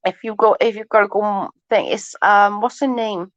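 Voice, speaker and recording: A woman's voice: medium pitch, steady tone, moderate pace, dry recording. A chatty woman hosting a casual livestream, swearing freely and laughing often as she chats with viewers. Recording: dull lo-fi stream audio.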